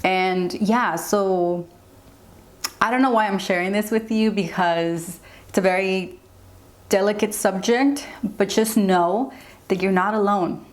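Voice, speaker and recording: A woman's voice: mid-range voice, slow pace. A young woman talking candidly to her viewers in a get-ready-with-me beauty vlog, earnest and open, rambling with lots of "like"s. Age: young adult. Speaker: beauty vlogger.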